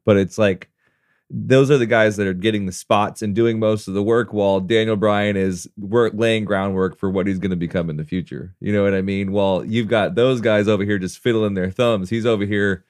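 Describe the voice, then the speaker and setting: A man's voice: on the low side, fairly even intonation, fairly quick, a little mellow, dry recording, clean studio sound. A man co-hosting a podcast, bantering in a goofy, slangy way. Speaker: podcast co-host. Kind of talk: casual chat.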